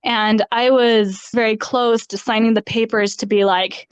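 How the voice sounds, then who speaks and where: A woman recounting her pregnancy experiences in an interview, candid and quick to laugh between phrases. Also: fairly high pitch, fairly even intonation, smooth, no room sound. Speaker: podcast guest. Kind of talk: personal story in an interview. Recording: slightly dull dry sound.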